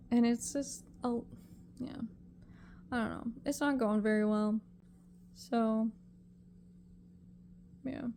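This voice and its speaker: A young woman with a fairly high, mellow voice talks to camera in a confessional vlog. She is emotional and halting, and her thoughts ramble and trail off. A faint hiss sits under her voice. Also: fairly even intonation, gravelly. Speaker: vlogger.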